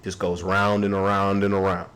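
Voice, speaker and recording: Hosting a podcast, a deep-voiced man reacts to a court video at normal speed, his commentary casual, animated and mocking as he acts out people in quotes. The audio quality is poor.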